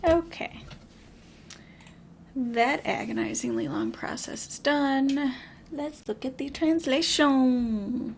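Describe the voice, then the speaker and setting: A woman playing a mystery game and giving casual, wry, low-key commentary. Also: slow, creaky, long pauses, a little hiss or hum. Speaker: let's play gamer.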